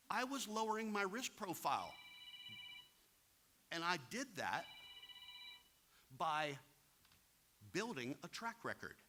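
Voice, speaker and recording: A plain-spoken man with a high, pushed, bright voice leads a real estate investing seminar. He speaks straight to the audience and acts out anecdotes as he goes.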